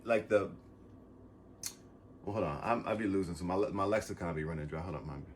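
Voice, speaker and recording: A man vlogging a casual motivational monologue, rambling and swearing, swinging from loud bursts to soft asides as he gets emotional and close to tears. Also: sits low, fast talker, slight background noise.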